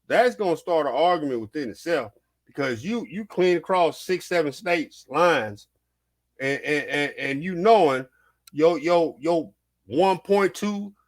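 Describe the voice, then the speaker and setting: A man hosting a vlog, giving casual, heated reaction commentary, repeating himself and swearing as he riffs. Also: high voice. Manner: animated, repetitive, swearing, heated. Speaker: vlog host.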